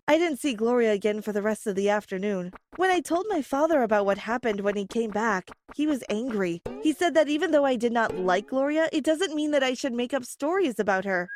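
A woman narrating a first-person story in an earnest, plain storytelling manner. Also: fairly high pitch.

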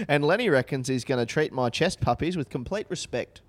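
A man in his thirties co-hosting a podcast, reading a magazine aloud in a dry, playful way. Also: medium pitch. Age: 30s. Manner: dry, playful, reads in mock tones. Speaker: podcast co-host. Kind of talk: casual chat, reading aloud.

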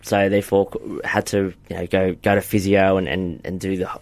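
A man's voice: deep voice, flat delivery, moderate pace, darkish tone, no echo. A man in his forties co-hosting a podcast, talking casually and hesitantly with many restarts. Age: 40s. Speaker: podcast co-host. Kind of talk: casual chat.

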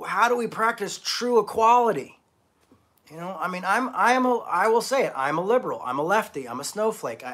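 A middle-aged man delivers a loose, conversational sermon from the pulpit of a small online church. His voice sits a little on the high side for a man, and he talks bluntly and emphatically, with casual cursing and self-deprecating humor. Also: fairly bright tone.

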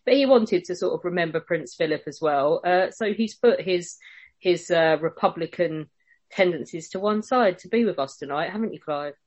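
A woman radio host introducing her guest in a chatty, relaxed way. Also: lowish voice, normal speed, lo-fi sound.

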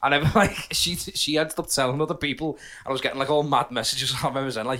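A man's voice: medium pitch, fairly even intonation, fast, hardly any pauses, sharp tone. A young man, a podcast co-host telling a funny story in casual chat, laughing often and acting out his younger self.

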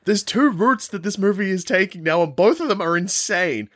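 A man's voice: high voice, normal speed, no room sound, clean studio sound. A man co-hosting a casual podcast chat, acting out reactions in playful quoted voices. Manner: animated, acts out quoted reactions in funny voices. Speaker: podcast co-host.

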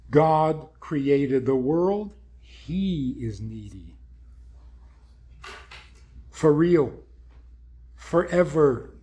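A man delivers a sermon in a husky, slightly higher voice, speaking in short punchy phrases. He moves at a deliberate, unhurried pace. His pitch rises and falls widely as he poses question after question. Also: darkish tone. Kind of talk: sermon-like talk.

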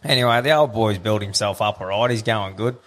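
A man's voice: lowish voice, a little fast. An Australian man in casual podcast chat, blokey and loose with his language. He tells stories with plenty of energy, dropping swear words as he goes. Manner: blokey, swears freely, animated storytelling. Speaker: podcast co-host.

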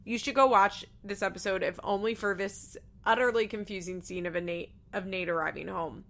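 A woman's voice: mid-range voice, steady tone, a little fast, a bit bright. A woman hosting a podcast, chatting casually through a TV episode recap and laughing often. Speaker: podcast host.

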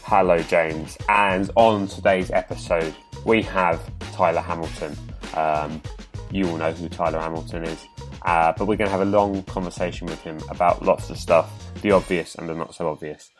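A man's voice: deep voice, fairly even intonation, normal speed, soft background music. A man hosting a podcast in casual chat, teasing his co-host with dry banter.

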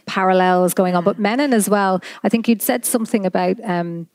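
A woman host musing thoughtfully in an interview, with many pauses and fillers. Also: mid-range voice, darkish tone, no echo. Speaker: podcast host. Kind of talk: casual interview chat.

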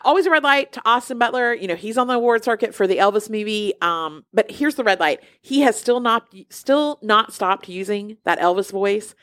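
A woman co-hosting a podcast, telling stories and ranting in a sarcastic, animated way. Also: mid-range voice, normal speed, hardly any pauses, no echo, clean studio sound. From US South. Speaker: podcast co-host. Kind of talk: casual chat.

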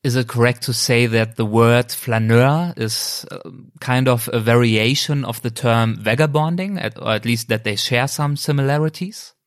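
A man interviewing a guest, asking long measured questions. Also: mid-range voice, no room sound, clean studio sound.

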